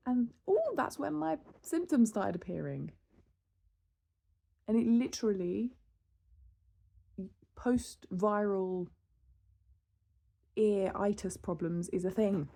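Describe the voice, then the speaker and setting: Exasperated woman, 30s, from the UK, gravelly, mellow timbre; vlog rant. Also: mid-range voice. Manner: exasperated, animated storytelling with laughs and sighs. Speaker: vlogger. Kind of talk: casual venting monologue.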